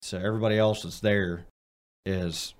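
A young man with a fairly low voice hosts a casual podcast chat. He rambles in a loose, joking way as he runs through plugs and old stories. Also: fairly even intonation, normal speed. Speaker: podcast host.

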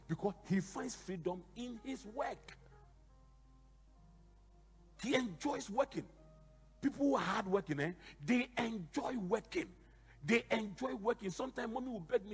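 Husky, lively-voiced man preaching. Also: sits high, moderate pace, long pauses, in a large hall, faint music behind. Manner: animated storytelling, sudden shouted emphasis. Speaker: bishop preaching. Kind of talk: sermon.

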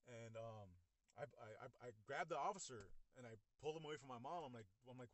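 A young man tells a personal story in a casual, halting way, often repeating words as he acts out what others said. His voice sits at an ordinary middle pitch. The sound is dry, with no room echo.

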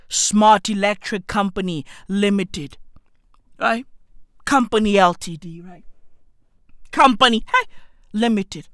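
A South African man delivering a comedic, swearing rant to camera, with frequent shouted outbursts. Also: high-pitched, very animated, slow, long pauses, no echo, studio quality. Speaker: vlogger.

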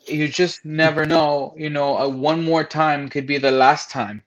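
Candid man, slightly high voice. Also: fairly even intonation, unhurried, highs cut off. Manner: frank, profane, acts out quoted voices. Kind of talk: candid personal storytelling.

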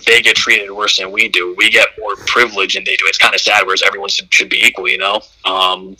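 Bright-voiced, emphatic man. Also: lowish voice, level tone, fast, breathy edge, low-quality recording. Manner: emphatic, blunt, slangy, swears freely. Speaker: podcast co-host. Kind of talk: casual podcast discussion.

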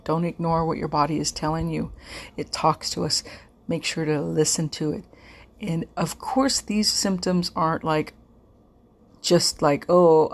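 A middle-aged woman hosts an informational podcast, speaking earnestly but casually. She often repeats herself and uses fillers. Her voice is low-pitched, with vocal fry.

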